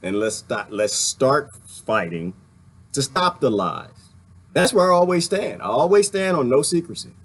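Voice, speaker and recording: A man's voice: mid-range voice, expressive, normal speed, slight background noise. A man delivering a rambling, heated and sarcastic monologue as a video commentator, laughing now and then between points. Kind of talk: ranting monologue.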